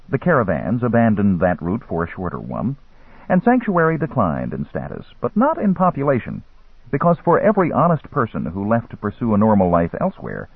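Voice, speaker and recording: A man reads a story aloud in a wry, telling manner, his husky, lowish voice rising and falling widely. The recording is dry and narrow, like a phone line. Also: no echo. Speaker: narrator. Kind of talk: audiobook narration.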